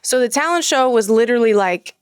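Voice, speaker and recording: A woman guest in a casual chat, an animated, playful storyteller. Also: on the high side, fairly quick, clear, resonant tone, dry recording, clean studio sound.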